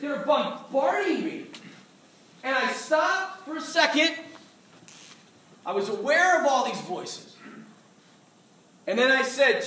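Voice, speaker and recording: Animated, joking male pastor preaching. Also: extremely high pitch, moderate pace, pauses often. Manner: animated, joking, acts out voices. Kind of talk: sermon. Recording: echoey hall from far off.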